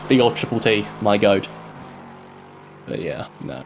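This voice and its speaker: A man's voice: fairly low pitch, big pitch swings, unhurried, slight background noise. A man commentating on a live sim race in casual, joking banter.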